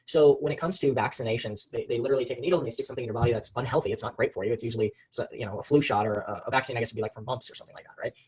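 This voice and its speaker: A man's voice: medium pitch, racing, few pauses, a little mellow, husky, rough recording. A man teaching a live online marketing webinar. He talks energetically to the chat, reads out viewers' names and often repeats and restarts his phrases. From Phoenix area, USA.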